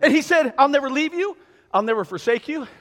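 A man preaching a sermon in a church, animated and exhorting, with call-and-response asides to the congregation. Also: very high voice, fairly quick. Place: church sanctuary. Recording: long reverb of a large hall.

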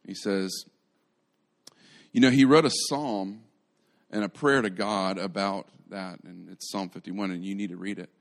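A man's voice: sits low, fairly even intonation, measured pace, vocal fry. A man preaching a sermon in a conversational way, retelling stories animatedly and often restarting his phrases. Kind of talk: live sermon.

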